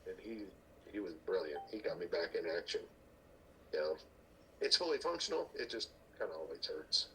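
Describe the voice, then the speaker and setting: This is a middle-aged strongman on a podcast, spinning casual stories in a low voice at normal speed. The audio is poor, with a little hiss or hum. He acts out what others said, swears easily, and laughs at his own anecdotes.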